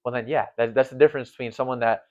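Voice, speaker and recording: A guest in his late teens, formerly a volleyball setter, talks rapid-fire in a steady, slightly mellow mid-range voice. The conversational chat is casual and earnest, loaded with fillers and rambling, on a dull lo-fi recording.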